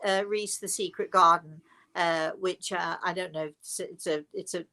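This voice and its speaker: A woman's voice: lowish voice, steady tone, normal speed, sharp tone. An older woman, hosting a live question-and-answer talk in a chatty, digressive way that trails into asides. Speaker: host, spiritual medium.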